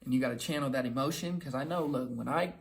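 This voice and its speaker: A man's voice: medium pitch, creaky. A young man giving casual motivational advice to camera, talking loosely and acting out little quoted exchanges. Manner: conversational, repeats himself, acts out quick quoted lines. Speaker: self-help video host.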